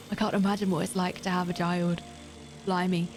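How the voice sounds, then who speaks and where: A woman's voice: fairly low pitch, level tone, moderate pace, over music. A woman live streaming a game, chatting casually and directly with her viewers. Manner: chatty, talks straight to viewers. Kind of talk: casual gaming stream chat.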